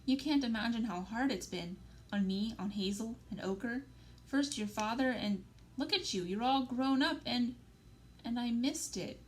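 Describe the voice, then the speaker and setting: A woman reading aloud and voicing a worn, tender mother, speaking softly and gently with a pleading tone. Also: on the high side, moderate pace, pitched above the performer's own voice, close to an everyday voice. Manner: gentle, pleading, soft-spoken. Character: worn, tender working-class mother of a grown daughter. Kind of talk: read-aloud storybook dialogue.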